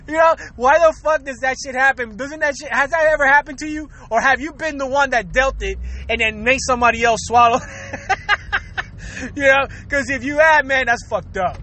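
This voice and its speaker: A man's voice: extremely high pitch, moderate pace, pushed and bright. A man hosting his own show, rambling through a profane comic rant and laughing between lines, often repeating and restarting words. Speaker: podcast host. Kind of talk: casual comedic rant.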